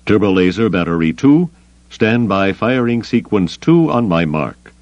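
A man's voice: fairly low pitch, very animated, measured pace, a little mellow, no echo, muffled recording, pitched above the performer's own voice. A man doing a cold, commanding grand admiral. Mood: coolly commanding.

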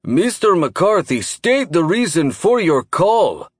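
A man voicing a gruff security commander who barks orders loudly and curtly in an audiobook. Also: high voice, very animated, takes it slowly, dry recording, clean studio sound, pitched above the performer's own voice, heavily acted. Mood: commanding. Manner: loud, commanding, clipped.

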